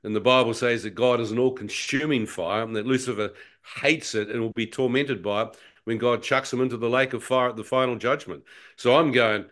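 Man, guest, animated storyteller who acts out his own thoughts, mid pitch. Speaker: guest telling a near-death testimony. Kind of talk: conversational personal testimony.

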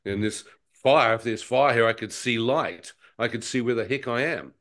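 Man, guest, animated storyteller who acts out his own thoughts, mid pitch. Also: moderate pace. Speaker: guest telling a near-death testimony. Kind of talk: conversational personal testimony.

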